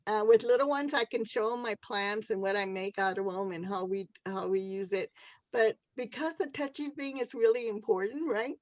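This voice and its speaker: A woman's voice: mid-range voice, steady tone, moderate pace, no room sound, muffled recording. A woman who teaches basket weaving, talking casually and often tagging her sentences with questions. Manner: laughs often, tag questions. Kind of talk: casual conversational talk.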